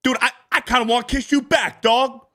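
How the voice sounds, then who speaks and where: A man's voice: very high voice, steady tone, a little fast, a bit bright, pitched above the performer's own voice. A man voicing a mocking, swaggering young tough guy, full of exaggerated slang and sneering.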